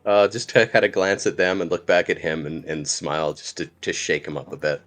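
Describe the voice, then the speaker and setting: A man with a low voice plays a tabletop game, chatting playfully about his moves. Faint music sits underneath. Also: level tone, fairly quick, fairly bright tone. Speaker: player. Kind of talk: casual play at a tabletop game.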